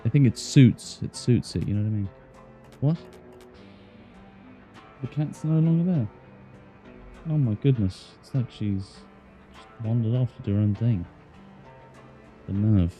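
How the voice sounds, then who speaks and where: A lower-voiced English man with a very dark, mellow tone, chatting away as he plays a game. He jokes and mutters to himself, with faint music in the background. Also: measured pace, pauses often. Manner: chatty, joking, talks to himself while playing. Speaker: streamer. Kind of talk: casual gameplay chat.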